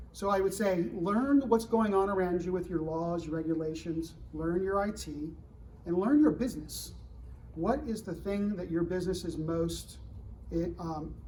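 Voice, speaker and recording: A middle-aged man giving a fireside chat to students at a live event, animated and full of rhetorical questions to the crowd. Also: sits high, far from the mic, a little hiss or hum, rough recording. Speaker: government security director speaking to students. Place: university event room.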